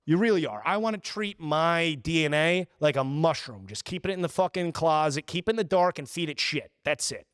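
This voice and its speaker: A man's voice: on the high side, fairly quick, few pauses, smooth, dry recording, studio quality. A man in his twenties hosting a podcast, ranting profanely and acting out little quoted scenes. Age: 20s. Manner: profane, animated storytelling with put-on quotes. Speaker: podcast host. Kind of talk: casual podcast rant.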